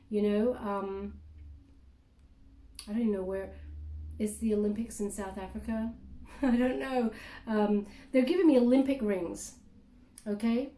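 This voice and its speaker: A woman giving a casual spoken tarot reading, thinking aloud in halting bursts between cards. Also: on the high side, dark tone. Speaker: tarot reader. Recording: roomy echo.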